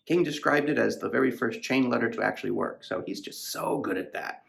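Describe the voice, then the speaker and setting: A man's voice: medium pitch, fairly quick, gravelly, a bit bright. A man hosting a podcast, rambling casually about a novel in a profane, filler-heavy way. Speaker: podcast host reviewing a novel. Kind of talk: casual book discussion.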